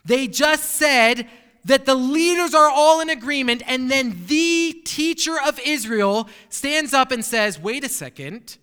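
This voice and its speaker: Male pastor, high sharp voice, emphatic sermon delivery with rhetorical questions, long hall reverb. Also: slow pace.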